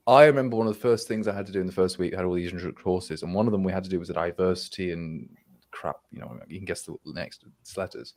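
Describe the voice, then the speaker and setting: A young Englishman with an English accent tells a wry anecdote over a video call. His voice sits low. He restarts often and slips into quoting what people said. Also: rapid-fire, a little mellow. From England. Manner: wry anecdotal storyteller, frequent restarts and quoted dialogue. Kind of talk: casual storytelling chat.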